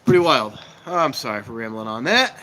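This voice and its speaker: A man's voice: mid-range voice, big pitch swings, fairly quick, pushed and bright, rough recording. A man in a casual live-stream chat, rambling to his viewers as he wanders around outdoors near a train station. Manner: rambling, talks to viewers while walking about. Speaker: vlogger.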